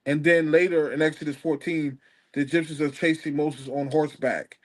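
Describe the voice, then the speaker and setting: A man with a slightly high voice calls into a Bible debate stream. He presses his questions steadily and persistently and reads scripture passages aloud. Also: fairly even intonation, moderate pace. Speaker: caller.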